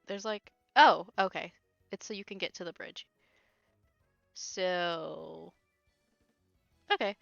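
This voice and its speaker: A chatty, giggly woman streamer talks through her game. Her voice is bright and a little sharp, very close and dry. The stream audio is slightly dull, with faint music behind her. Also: fairly low pitch, takes it slowly, creaky, pauses often, no room sound. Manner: chatty, giggly, talks to chat between asides. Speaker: streamer playing a video game. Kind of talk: casual let's-play commentary.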